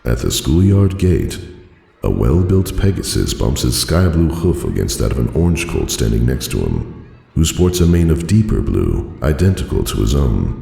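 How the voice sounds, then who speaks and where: A man narrating a fan audiobook in a dry, formal storytelling manner with a gravelly voice. His voice carries a roomy reverb. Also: extremely low pitch, very animated, moderate pace, dark tone.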